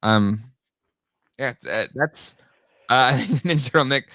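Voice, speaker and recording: A man co-hosting a casual podcast chat, talking in an animated way and reading out listener comments. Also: measured pace, pauses often, no echo. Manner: animated, jumps high in pitch when exasperated. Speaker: podcast co-host.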